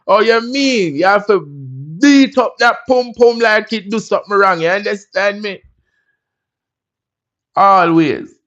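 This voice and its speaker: A man's voice: sits high, measured pace, a bit bright. A Jamaican man hosting a casual livestream, talking in a laid-back, chatty way and often asking "you understand me?". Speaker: livestream host.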